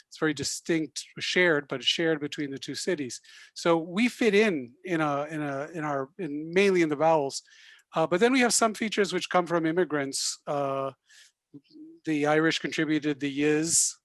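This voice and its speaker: A man linguist on a video panel, explaining in a halting, stop-start way. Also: fairly high pitch, a bit bright, dry recording. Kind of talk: panel discussion.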